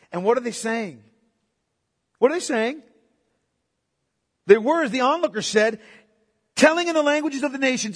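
A man's voice: extremely high pitch, expressive, normal speed, pauses often, a bit bright. A male pastor preaching a sermon with emphatic rhetorical questions and repetition. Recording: long hall reverb.

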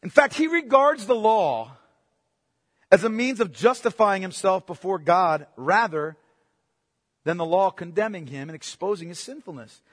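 A man preaching a sermon as pastor, swinging between loud emphatic bursts and hushed asides. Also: high-pitched, lively intonation, normal speed, big-room sound.

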